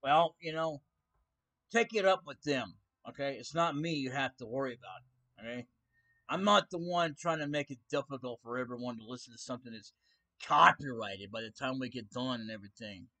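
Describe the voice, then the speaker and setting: A man's voice: medium pitch, a little fast, bright, forceful tone. A man ranting on his own stream in a casual way, sarcastic, defiant and mocking.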